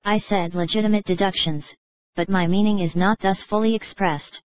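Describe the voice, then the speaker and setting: A woman narrating an audiobook in a measured, even reading style. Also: mid-range voice, no echo, poor audio. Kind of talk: scripted narration.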